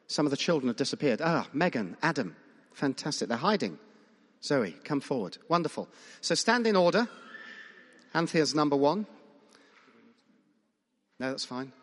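A man's voice: fairly high pitch, animated, normal speed, long pauses. A man preaching a conversational sermon, asking the congregation questions and making emphatic points. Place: church hall. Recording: long reverb of a large church.

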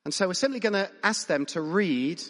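A man's voice: high voice, lively intonation, fairly quick, fairly bright tone. A man preaching a conversational sermon, asking the congregation questions and making emphatic points. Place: church hall. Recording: long reverb of a large church.

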